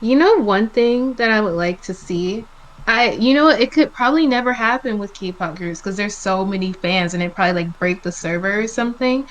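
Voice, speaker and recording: A woman of mid-range pitch co-hosting a casual chat, laid-back in delivery. She tends to chime in with brief reactions before telling her own story. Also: expressive, moderate pace, low-quality recording. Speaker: podcast co-host.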